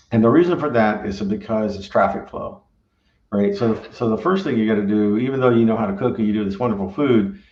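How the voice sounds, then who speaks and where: Middle-aged man rambling with tag questions. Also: lowish voice. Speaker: barbecue restaurant owner and former engineer. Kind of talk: casual conversational storytelling. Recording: roomy, dull recording.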